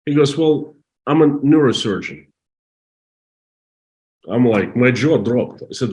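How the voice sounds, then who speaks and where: A middle-aged man from Russia with a Russian accent, telling a story in halting, emotional English full of restarts. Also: mid-range voice, animated, darkish tone. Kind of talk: casual storytelling.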